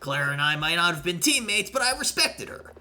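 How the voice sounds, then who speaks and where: A man voicing a hot-headed young rival racer in a game, loud and aggressive. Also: mid-range voice, sing-song, normal speed, slight background noise, full character voice. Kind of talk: reading game dialogue aloud.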